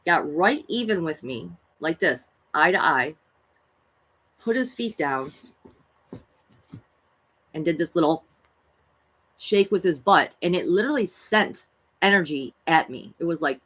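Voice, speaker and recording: A woman's voice: lowish voice, expressive, measured pace, long pauses, a bit bright, husky, rough recording. A woman who streams tarot readings tells spiritual stories in a casual, rambling, chatty way, full of fillers and gushing awe. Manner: gushing and awed when she talks about animals. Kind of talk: casual spiritual storytelling on a livestream.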